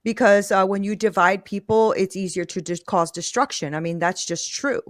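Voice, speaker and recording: A middle-aged woman hosting a podcast interview, telling a personal story in an earnest, animated way. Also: medium pitch, moderate pace, no room sound, studio quality. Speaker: podcast host. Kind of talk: conversational interview.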